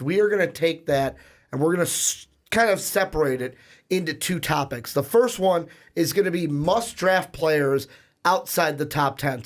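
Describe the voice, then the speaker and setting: A man with a hoarse, raspy voice from shouting, hosting a casual sports podcast and rambling through plugs and asides. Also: on the high side. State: hoarse, lost voice. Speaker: podcast host.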